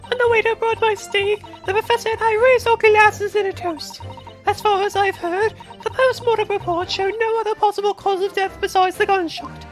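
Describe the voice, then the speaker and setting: A woman voicing a haughty, prim English gentlewoman witness in a fan voice-over of a game, with mock-refined, condescending politeness. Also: very high-pitched.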